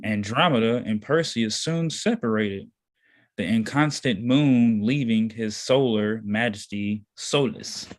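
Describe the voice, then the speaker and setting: A man reading a text aloud slowly and deliberately, pausing now and then to comment. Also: on the low side. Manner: slow, deliberate reading with pauses. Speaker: reader in a study session.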